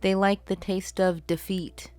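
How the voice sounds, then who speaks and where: A woman's voice: mid-range voice, flat delivery, a little slow, dark tone, clear, resonant tone. A woman comedian co-hosting a casual podcast, joking in a playful, blunt way. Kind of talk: casual chat.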